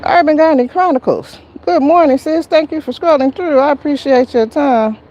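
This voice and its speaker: A woman's voice: sits high, moderate pace, warm tone, lo-fi sound, slight background noise. A woman hosting a live gardening stream, chatting casually with viewers and greeting them by name as she pots a plant outside. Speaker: gardening livestream host. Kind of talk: casual live-stream chat while potting. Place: outdoor garden near a road.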